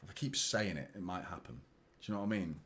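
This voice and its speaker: Sweary football fan commentating a live match. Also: male voice, deep voice, quick pace, slight background noise. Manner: swearing, exasperated, animated fan chatter. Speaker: fan watchalong host.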